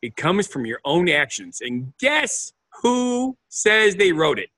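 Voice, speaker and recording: A man co-hosting a comedy podcast, playful and quick with jokey asides, sometimes stammering as he starts. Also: high-pitched, very animated, bright, forceful tone. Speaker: podcast co-host. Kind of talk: casual comedic chat.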